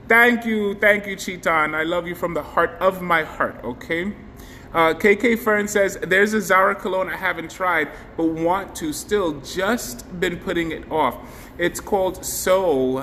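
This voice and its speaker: A man's voice: sits high, sharp tone. A man hosting a casual live stream, chatting effusively and thanking viewers by name. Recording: faint background noise, long hall reverb.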